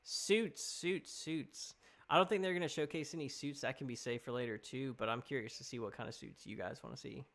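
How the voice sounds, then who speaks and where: Young guy rambling on his stream, reading chat out loud, mid-pitched voice. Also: fast talker, vocal fry, few pauses. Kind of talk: casual live-stream chat.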